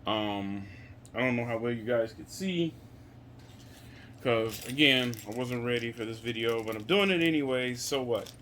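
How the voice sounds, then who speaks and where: A man's voice: medium pitch, moderate pace, fairly bright tone, a little hiss or hum. A man from Chicago casually reviewing a gaming chair as he assembles it at home, chatty and rambling, with lots of "I guess" and "you know", recorded on a handheld camera mic. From Chicago area. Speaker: product reviewer. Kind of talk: casual unscripted product review.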